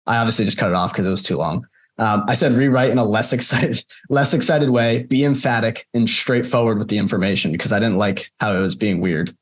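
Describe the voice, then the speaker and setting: A young man coaching a group on a call, casual and chatty, with many fillers and repeated words. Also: mid-range voice. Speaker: marketing coach presenting. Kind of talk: casual screen-share walkthrough on a call.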